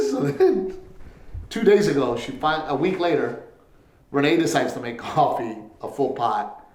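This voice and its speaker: A man co-hosting a casual podcast, his voice sitting a little high for a guy. He tells stories loosely, laughing often, swearing freely and quoting other people as he goes. The room rings a bit, like a bare home studio. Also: sing-song, unhurried, darkish tone, roomy sound. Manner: laughing, swearing storyteller, quotes his wife. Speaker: podcast co-host. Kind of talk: casual chat.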